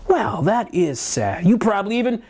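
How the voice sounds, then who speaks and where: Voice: medium pitch, big pitch swings, normal speed, a little mellow, voice pushed up. Someone doing a sneering comic-book villain. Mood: mocking. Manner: mocking, theatrical sneer. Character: gloating comic-book villain with a put-on accent.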